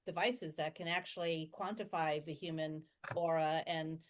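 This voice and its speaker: Female interview host, lower-pitched voice, engaged and affirming. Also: steady tone, moderate pace, slight background noise. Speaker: podcast host. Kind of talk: interview conversation.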